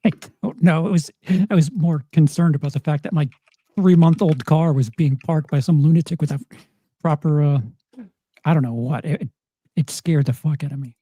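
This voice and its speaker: A man on a casual livestream panel, telling a story haltingly with restarts. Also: on the high side, dark tone, husky, no echo. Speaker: panel guest.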